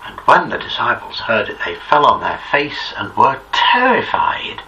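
Slow, reverent male scripture reader. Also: mid-range voice, wildly swooping pitch, gravelly, bright, forceful tone. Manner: slow, measured, reverent reading. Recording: distant muffled recording, faint hiss.

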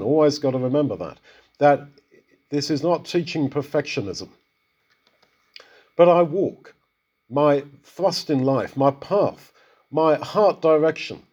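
A man teaching from Scripture in an easy, conversational way, often turning to put questions to his listeners. His voice is husky and mellow, with a dark, relaxed tone. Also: mid-range voice, lo-fi sound. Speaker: Bible teacher. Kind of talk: conversational Bible exposition.

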